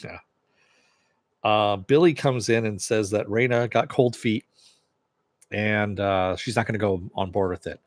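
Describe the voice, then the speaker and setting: Low-voiced man recapping casually. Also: measured pace, long pauses, no room sound. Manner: loose retelling with fillers and laughs. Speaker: show reviewer.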